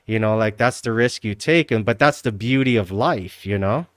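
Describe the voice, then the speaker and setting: A man's voice: on the low side, moderate pace, no echo, clean studio sound. A man livestreaming, chatting casually and rambling, swearing a lot and calling everyone "dude". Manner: rambling, profane, says "dude" constantly.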